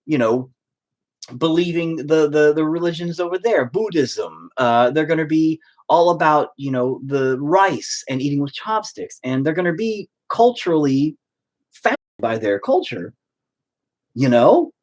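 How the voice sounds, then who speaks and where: A man's voice: a little high, expressive, unhurried, a little mellow. A man in a rambling, profane ranting monologue, full of stop-start restarts. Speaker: vlogger.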